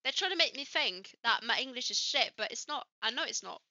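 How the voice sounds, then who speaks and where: A woman's voice: a little high, lively intonation, brisk, pushed and bright, no room sound, highs cut off. A woman from Switzerland with a light Swiss French accent, co-hosting a casual chat and swearing freely as she acts out the people in her stories. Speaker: podcast co-host.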